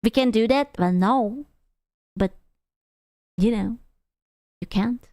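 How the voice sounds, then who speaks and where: A woman streamer giving casual, animated reaction commentary, gasping and laughing as she talks. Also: a little high, slow, dry recording. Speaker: VTuber streamer reacting to videos.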